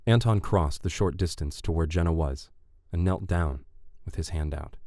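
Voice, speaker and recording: A man narrating a dark fantasy audiobook in a measured, deliberate way. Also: low voice, no room sound, studio quality.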